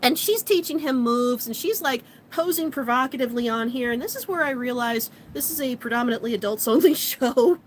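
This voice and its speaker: Sex: woman. Role: vlogger. Style: casual show recap. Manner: chatty, animated. Pitch: high. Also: a little fast, few pauses, slight background noise, low-quality recording.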